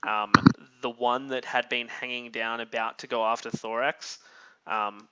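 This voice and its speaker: A man narrating a tabletop game as game master, describing scenes in a halting, thoughtful way with many pauses. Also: medium pitch, level tone, lo-fi sound, background noise.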